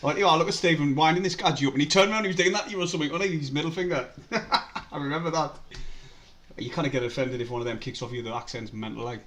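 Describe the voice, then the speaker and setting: A man's voice: medium pitch, fast talker, a bit bright, a little hiss or hum. Man, co-host, casual chat and match calls, laughs a lot. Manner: laughs often, says "aye" and "like". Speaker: co-host of a fan live stream.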